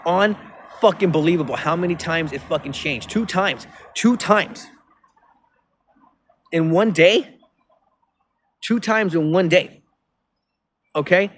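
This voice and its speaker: A man's voice: fairly high pitch, takes it slowly, pauses often. A man rambling profanely into his phone outdoors by a river, with many restarts. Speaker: vlogger.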